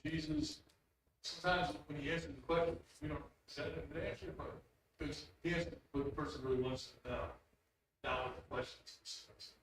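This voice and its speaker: Gravelly-voiced man speaking up in class. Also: on the high side, lively intonation, brisk, long pauses, low-quality recording. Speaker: class member. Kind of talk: comment during class discussion.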